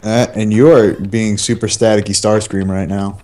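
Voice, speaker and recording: A man's voice: on the low side, little pitch movement, moderate pace, darkish tone. A man chatting about a video game with friends, blunt and profane. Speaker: let's play co-host. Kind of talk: casual gaming chat. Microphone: home computer mic, online voice chat.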